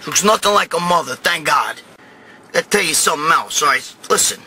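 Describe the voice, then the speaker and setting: A middle-aged man with a New York Italian accent telling a crude, rambling comic story, often breaking into shouts. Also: on the high side, animated, brisk, faint music behind, poor audio. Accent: New York Italian-American. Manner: profane, rambling, swings to loud shouting. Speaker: show host telling a story.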